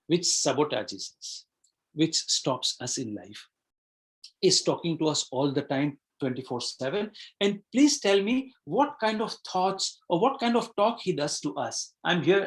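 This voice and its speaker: A man's voice: fairly high pitch, very animated, unhurried. Guy coaching a live webinar over a computer mic, thoughtful, keeps asking the audience stuff. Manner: reflective, asks the audience questions, repeats words. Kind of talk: live online webinar talk.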